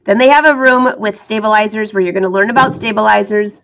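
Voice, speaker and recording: Speaking quickly in a medium-pitched, somewhat bright voice, a middle-aged sewing teacher has an upbeat, casual chat with her viewers. Hiccups keep interrupting her, and she laughs often as she fights them.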